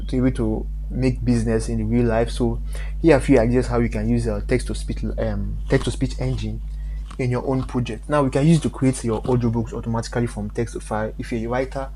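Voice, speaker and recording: A man talks viewers through a coding tutorial on a live stream in a mellow, relaxed tone. His explanation moves haltingly, full of fillers and mid-sentence corrections. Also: mid-range voice, a little hiss or hum. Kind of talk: step-by-step coding walkthrough.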